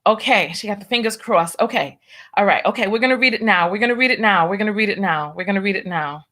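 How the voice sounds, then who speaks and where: Woman on a livestream, jittery, keeps repeating herself, reading out donations, mid pitch voice. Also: fast, fairly bright tone. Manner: nervous, stalling, repeats herself; reads viewer comments and donations aloud. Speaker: livestream host. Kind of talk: casual livestream chat.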